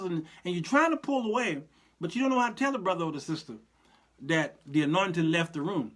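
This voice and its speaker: A man's voice: high-pitched, expressive, fairly quick, pushed and bright. Laughing folksy male show host. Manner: folksy, preacherly, laughs often. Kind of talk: casual live-show monologue.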